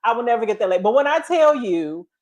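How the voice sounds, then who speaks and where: Animated middle-aged woman telling stories. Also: on the high side, fast talker, dull audio. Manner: animated, laughs often, acts out quotes. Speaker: guest storyteller. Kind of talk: casual storytelling chat.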